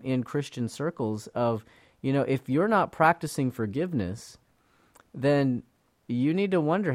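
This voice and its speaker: A man's voice: mid-range voice, no echo. Earnest male Bible teacher, dry close sound. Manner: earnest, conversational, frequent fillers and restarts. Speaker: Bible teacher and program host.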